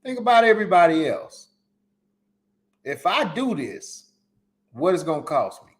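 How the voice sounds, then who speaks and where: Preachy emphatic man, fairly high voice. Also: sing-song, unhurried. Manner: colloquial, casual slang. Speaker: podcast host. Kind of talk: solo live-stream commentary.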